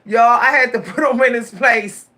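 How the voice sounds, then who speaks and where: A woman in her forties telling stories straight to her viewers in a casual vlog, animated, repeating her words and laughing often. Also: a little high, moderate pace. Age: 40s. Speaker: vlogger.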